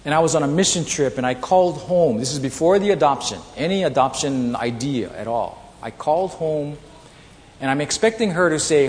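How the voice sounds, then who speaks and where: Man, pastor, fairly high voice, animated sermon storytelling, hall reverb. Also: a little fast. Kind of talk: sermon with personal stories. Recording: long reverb in a large hall, faint ambience.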